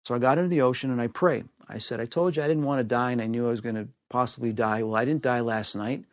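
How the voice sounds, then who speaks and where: Male storyteller from the US, mid-pitched, acts out quoted voices with big swings in pitch; dry, close recording. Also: steady tone, fast, dry recording, dull audio. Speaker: storyteller guest. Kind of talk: animated personal storytelling.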